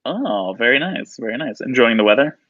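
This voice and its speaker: A man hosting a live video interview, upbeat and quick to laugh. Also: mid-range voice, animated, a bit bright, dry recording. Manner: upbeat, giggly. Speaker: interview host. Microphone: video call. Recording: dull lo-fi video call audio.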